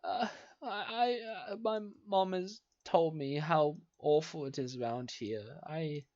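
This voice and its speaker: A man's voice: a little high, slow, a little mellow, no room sound, highs cut off, pitched above the performer's own voice. A man voicing a frightened little boy who is sobbing and stammering. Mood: tearful. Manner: hesitant, tearful.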